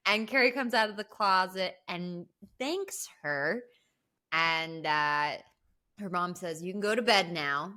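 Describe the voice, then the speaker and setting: Woman retelling a movie scene by scene, bright clear voice, chatty and loose. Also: fairly low pitch. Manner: animated storyteller, swears casually. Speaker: podcast host. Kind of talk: casual movie recap chat.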